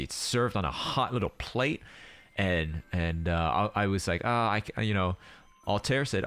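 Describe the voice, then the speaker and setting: A man's voice: deep voice, moderate pace, fairly bright tone, smooth. A young man streamer chatting casually, telling a rambling story full of restarts and acted-out quotes. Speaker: streamer host. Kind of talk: casual chat. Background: faint background music.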